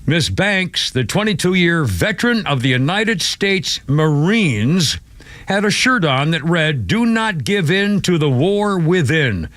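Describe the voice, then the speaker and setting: Older man, talk radio host, excitable, indignant, bright tone, dry close sound. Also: a little high, slow pace, no room sound. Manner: excitable, indignant, swears freely.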